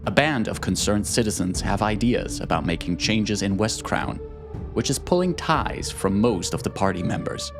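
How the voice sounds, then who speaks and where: A man reading a scripted story recap in a measured, dramatic tone. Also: on the low side. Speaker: podcast player and recap narrator. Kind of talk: scripted narration.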